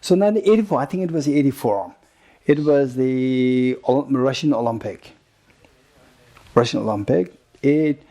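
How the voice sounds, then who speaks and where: Husky-voiced man teaching a retreat. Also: medium pitch. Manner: halting, repeats words, chuckles between points; explains with lively examples and questions to the listeners. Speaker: Buddhist teacher. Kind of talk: retreat teaching to a live group.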